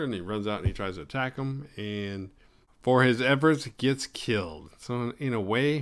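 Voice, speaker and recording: A man's voice: mid-range voice, lively intonation, normal speed, a bit bright. A man hosting a horror movie podcast, retelling the plot in a rambling, jokey way with crude humor. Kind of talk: casual film recap.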